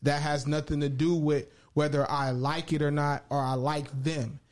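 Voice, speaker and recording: A man's voice: a little high, flat delivery, moderate pace, a little mellow. A man co-hosting a podcast who cuts in bluntly and teases the others. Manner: blunt, teasing interjections. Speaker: podcast co-host. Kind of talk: casual debate chat.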